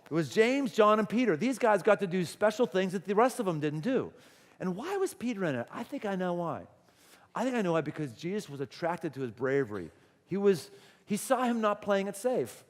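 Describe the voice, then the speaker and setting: A man's voice: high voice, very animated, brisk, long reverb tail. A male pastor preaching a sermon, telling the story dramatically and animatedly. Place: church auditorium.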